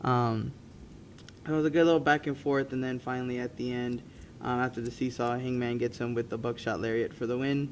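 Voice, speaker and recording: A man's voice: medium pitch, flat delivery, a little fast, slight background noise. A man co-hosting a podcast, recapping wrestling matches in casual, rambling chat with frequent ums and restarts. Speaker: podcast co-host.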